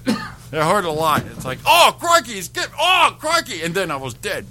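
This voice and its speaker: A man putting on an excitable male Australian wildlife showman in a comic call-in bit, with a put-on Australian accent and shouted exclamations. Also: high-pitched, normal speed, a little hiss or hum, exaggerated voice. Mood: excited. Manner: exclamatory, shouting a catchphrase, laughing. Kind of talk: improvised comedy bit.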